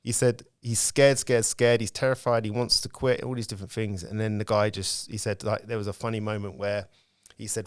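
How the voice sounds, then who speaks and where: A man's voice: on the low side, level tone, a little fast, clean tone, no echo, studio quality. Reflective man telling stories. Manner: candid storytelling, reflective. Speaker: guest. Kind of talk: casual conversation.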